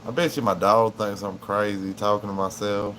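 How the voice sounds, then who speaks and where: A man's voice: fairly low pitch, steady tone, moderate pace, fairly bright tone. Guy rambling on a home livestream, easygoing, chatting with chat and his dog, light ac hum in back. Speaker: livestream host.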